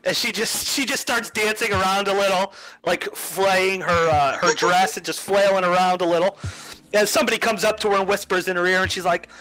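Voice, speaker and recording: A man's voice: high-pitched, fairly even intonation, fairly quick, bright, forceful tone, rough recording. A man narrating as game master of a tabletop game, chatty and rambling.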